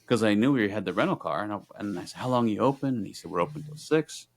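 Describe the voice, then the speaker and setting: Low-voiced man telling an animated story. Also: fast talker. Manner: animated storyteller acting out both sides of conversations. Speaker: podcast co-host. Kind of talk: casual storytelling chat.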